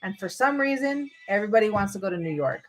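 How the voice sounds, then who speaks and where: A woman's voice: mid-range voice, animated, fast talker. A woman chatting on a livestream from her bed at her computer, rambling casually, saying "dude" and restarting her sentences often. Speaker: vlogger on a livestream. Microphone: computer microphone.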